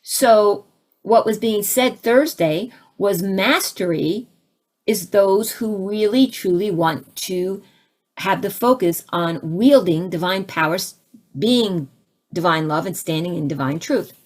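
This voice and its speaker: A woman giving a conversational spiritual talk, asking her listeners questions and turning animated as she acts out her own reactions. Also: takes it slowly. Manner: animated, rising to high exclaims when acting out her own reactions; conversational, asks the audience questions. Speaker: spiritual teacher.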